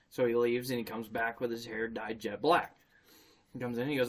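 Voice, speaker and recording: A man's voice: medium pitch, level tone, fairly quick, far from the mic. Crude, laughing podcast co-host man. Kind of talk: casual podcast chat, telling jokes.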